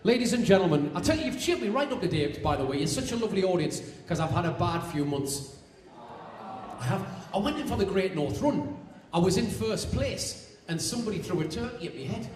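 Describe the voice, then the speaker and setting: A stand-up comedian from Newcastle, England, with a Geordie voice that sits slightly high, expressive and a bit dark, firing off quick one-liners and bantering chattily with the audience during a live set. He's recorded from far off in a large, echoey hall, with clear crowd noise all around.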